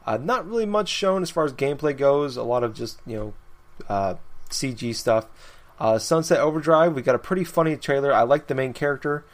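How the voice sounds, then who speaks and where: A man's voice: medium pitch, brisk. A young man hosting a casual gaming podcast, rambling through his notes with frequent laughs. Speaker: podcast host.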